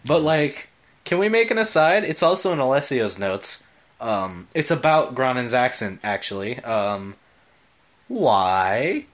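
Mid-pitched man, casual podcast co-host, chatty, hunts for words. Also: sing-song, normal speed, fairly bright tone. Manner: chatty, laughs often, gropes for words. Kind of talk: casual game discussion.

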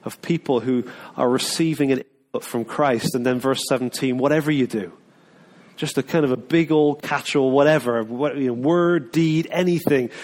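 A man's voice: medium pitch, normal speed, a little mellow. Conversational male pastor preaching. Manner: conversational, with many restarts and acted-out asides. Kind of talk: sermon.

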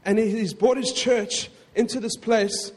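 A man preaching a sermon in a conversational way, with frequent asides to the congregation and quick self-corrections. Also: high-pitched, steady tone, in a large hall. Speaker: pastor.

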